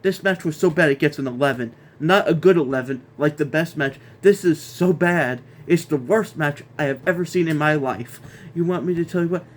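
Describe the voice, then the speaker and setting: A man's voice: a little high, normal speed, hardly any pauses. A man hosting a casual wrestling review, ranting in an exasperated way, repeating himself and stumbling over restarts.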